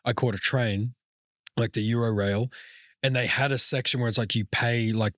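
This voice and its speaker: A man's voice: mid-range voice, steady tone, normal speed, fairly bright tone, dry recording, studio quality. A young man hosting a podcast, telling a travel story in casual, profane chat with lots of restarts. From Australia. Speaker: podcast host.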